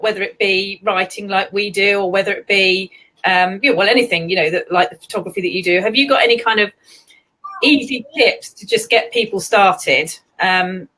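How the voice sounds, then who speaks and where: A woman's voice: mid-range voice, fairly bright tone. Chatty woman hosting a live chat. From England. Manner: chatty, laughing, with many ums. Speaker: host.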